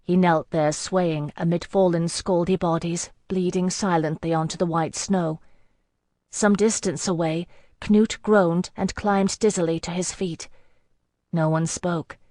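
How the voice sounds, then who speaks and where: Low-voiced woman narrating a novel. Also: no room sound, clean studio sound. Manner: even, measured first-person narration. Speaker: audiobook narrator. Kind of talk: scripted narration.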